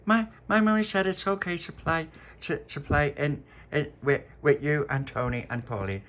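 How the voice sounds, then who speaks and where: A man voicing an excited little girl who stumbles over her words. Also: fairly high pitch, moderate pace, voice pushed up, close to an everyday voice. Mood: eager. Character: gushing little girl Dolores.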